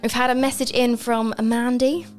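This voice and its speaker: This is a bubbly young woman hosting a radio show from a studio mic, her voice sitting a little high. She chats in a loose, friendly way and laughs a lot, with soft music running quietly under her. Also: flat delivery, normal speed. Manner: bubbly and chatty, laughs often. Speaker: radio presenter. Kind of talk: casual radio chat. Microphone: studio microphone.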